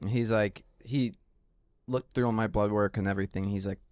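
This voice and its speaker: A man chats on a podcast, relaxed and low-key, his voice sitting a bit low. The recording is dry and close. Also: normal speed, clear, resonant tone, dry recording. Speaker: podcast co-host. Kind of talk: casual chat.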